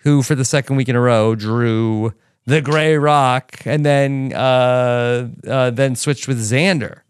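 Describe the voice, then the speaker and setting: A man hosting a podcast, chatting casually in quick bursts with fillers. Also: medium pitch, fairly even intonation, clear, resonant tone, dry recording, clean studio sound. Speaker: podcast host.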